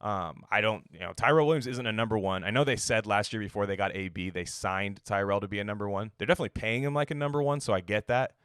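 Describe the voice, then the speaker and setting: Low-voiced man in a rambling sports rant. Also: quick pace, hardly any pauses, a bit bright, clean tone, no echo, clean studio sound. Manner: rambling, profane, jokey, acts out quotes. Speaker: sports podcast host. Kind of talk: casual sports commentary monologue.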